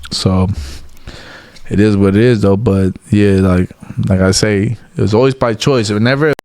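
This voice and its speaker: A man's voice: lowish voice, moderate pace. A man as an interview guest, talking in casual street slang, bluntly and animatedly, dropping "bro" and "like" all the time. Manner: animated storytelling, acts out quotes.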